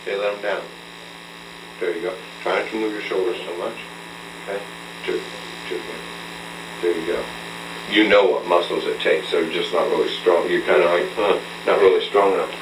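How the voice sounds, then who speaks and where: Man, vocal coach, patient, instructive, low voice, roomy and distant. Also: fairly even intonation, brisk, pauses often. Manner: patient, instructive, checks in with frequent "okay?". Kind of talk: hands-on voice lesson. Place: room with a mirror. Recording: roomy, distant, faint hum, old tape.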